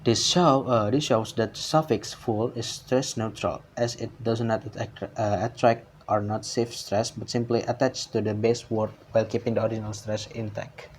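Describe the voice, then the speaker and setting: Guy reading his class slides, lowish voice, lots of uh and restarts, bit of background hiss. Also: steady tone. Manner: halting, frequent uh fillers and restarts. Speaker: student presenter.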